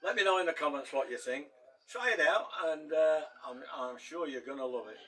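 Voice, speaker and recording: A man's voice: a little high, expressive, a little fast, bright, forceful tone. A middle-aged man chatting casually to camera about his home cooking, rambling and cracking dad jokes while he chews. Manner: eating and chewing while talking. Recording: voice a little distant from the mic.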